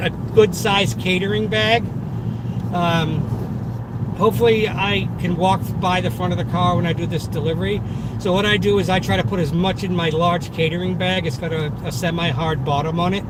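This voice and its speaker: Streaming live from his car as he drives, a Boston-accented man from Massachusetts who works as a delivery driver chats casually with his viewers. He has a high-sitting voice and an upbeat, boastful, talkative manner, responding to the chat. The car interior is noisy with road and vehicle sounds.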